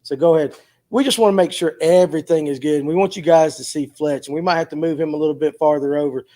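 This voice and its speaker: A man hosting a laid-back fishing talk show, with a voice that sits high for a man. He jokes through his introductions and fumbles with the setup. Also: fast talker, warm tone. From Georgia, USA. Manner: loose, joking, fumbling through technical hiccups. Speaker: podcast host. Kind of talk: casual chat.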